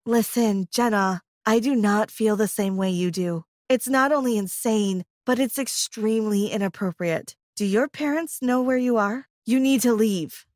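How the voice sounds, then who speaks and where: A woman's voice: a little high, normal speed, few pauses, darkish tone, no echo, clean studio sound, natural voice. A woman voicing a stern young male teacher, firm and disapproving.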